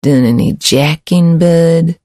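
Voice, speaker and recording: A man's voice: fairly high pitch, takes it slowly, warm tone, no room sound, studio quality. A man voicing a nasal, smug male pimp who talks through a robot, sly and mocking.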